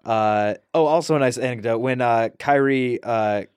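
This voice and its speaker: A man's voice: medium pitch, normal speed, darkish tone, smooth, no room sound. A man from Ohio as a podcast guest in a studio, rambling and hesitant with many fillers. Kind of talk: casual podcast chat.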